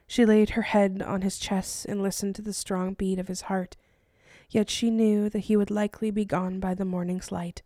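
A woman, an author, narrating her own novel as an audiobook in a steady, measured way. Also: mid-range voice, dry recording, studio quality. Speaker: author and podcast host.

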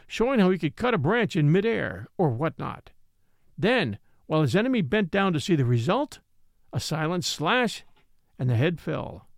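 A man reading the part of a mild, patient priest in a quiet, reflective way, in an audiobook. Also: sits high, no room sound, studio quality. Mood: calm. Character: mild little old priest, calm and patient.

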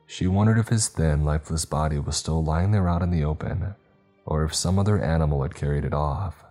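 Very deep-voiced male storyteller. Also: a little fast, dark tone. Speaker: narrator. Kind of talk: storybook narration. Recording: faint background music.

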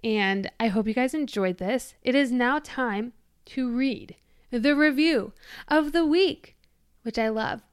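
A woman's voice: fairly high pitch, slow pace, clear, resonant tone, no room sound, clean studio sound. A young woman in her twenties hosting her own podcast, chatting casually in a bubbly, gushing way with lots of "like"s. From Michigan. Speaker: podcast host. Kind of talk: casual solo podcast chat.

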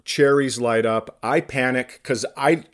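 A man's voice: mid-range voice, steady tone, unhurried. A man, a comedian and podcast host, telling a story in casual chat with self-mocking humor.

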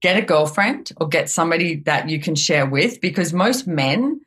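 A woman with a notably low speaking voice chats as a podcast guest and spins animated stories from her own life. She fills her talk with "it's like" and "you know.". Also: normal speed. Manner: animated storytelling with frequent "it's like". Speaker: guest author. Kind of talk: casual podcast conversation.

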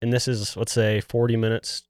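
A man's voice: fairly low pitch, moderate pace, clean tone, dry recording, studio quality. A man hosting a podcast, casually and animatedly telling a hunting story with a lot of "dude.". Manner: animated, acts out quotes, says "dude" often. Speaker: podcast host.

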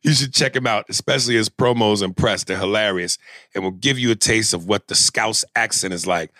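A man's voice: fairly low pitch, fairly quick, dry recording. A man hosting a podcast, arguing animatedly and reading out listener messages in casual chat. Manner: animated, argumentative, reads listener messages aloud. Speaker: podcast host.

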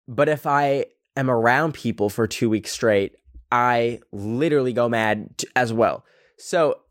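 A young man hosts a podcast alone in casual chat, rambling along with constant filler words and self-mocking jokes. His voice sits at an ordinary middle pitch and sounds dry and close, with no room around it. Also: a little slow, dry recording. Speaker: podcast host.

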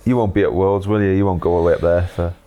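A man's voice: low-pitched, steady tone, racing, mellow. A Welsh man hosting a podcast, chatting in an easygoing, matey way and laughing often. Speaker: podcast host. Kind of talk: casual chat.

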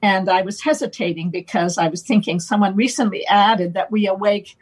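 A woman guest explaining playful wordplay in a relaxed conversational way, slow and deliberate, laughing now and then. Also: medium pitch, husky, rough recording. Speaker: guest on a talk show.

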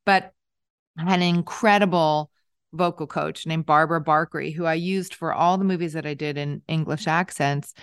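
A middle-aged woman hosting a casual conversation, relaxed and reflective, with a somewhat nasal voice. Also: fairly low pitch, clear, resonant tone, dry recording, clean studio sound. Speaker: host.

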